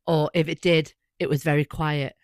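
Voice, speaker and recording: A woman with a low voice talks through a casual podcast chat in an earnest, reflective way. She sounds admiring and thoughtful. The recording is dry and close. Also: steady tone, normal speed, darkish tone, dry recording. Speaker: podcast co-host.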